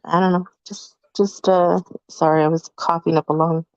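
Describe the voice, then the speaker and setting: Female co-host, low-ish gravelly voice, easygoing, dull, dry recording. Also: normal speed, no room sound. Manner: relaxed, trailing off with fillers. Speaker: podcast co-host. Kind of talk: casual live podcast chat.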